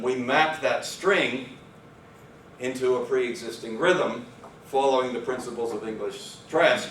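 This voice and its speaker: A male lecturer gives an academic talk on language and rhythm, thinking aloud with fillers and small self-corrections. His voice is on the low side and a bit bright, with slight background noise. He is recorded from far off in an echoey lecture room.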